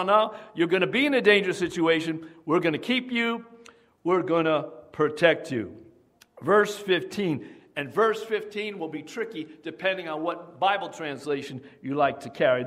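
A man's voice: fairly high pitch, a bit bright. A man preaching a sermon as pastor, emphatic and often asking the congregation questions.

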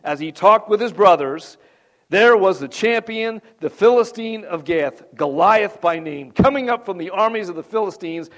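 A man preaching a sermon, reading scripture aloud and talking with the congregation in a conversational way. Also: sits high. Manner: conversational, asks the congregation questions; reads scripture aloud with rising emphasis. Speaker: pastor.

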